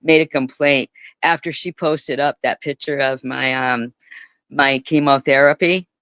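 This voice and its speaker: A woman's voice: extremely low pitch, fairly even intonation, measured pace, a bit bright, smooth, no echo. A woman streamer giving rambling live commentary, swearing and repeating words for emphasis.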